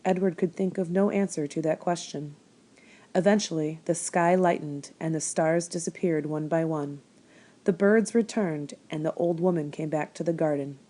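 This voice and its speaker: A woman reads a children's chapter book aloud with calm, steady storytelling. Her voice sits somewhat low for a woman and moves at an even pace. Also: moderate pace. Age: adult. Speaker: reader.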